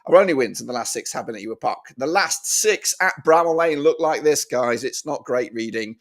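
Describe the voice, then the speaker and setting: A man's voice: mid-range voice, lively intonation, a little fast. A man hosting a casual football match preview, chatty and exclamatory, talking to his viewers as guys. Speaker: football fan channel host.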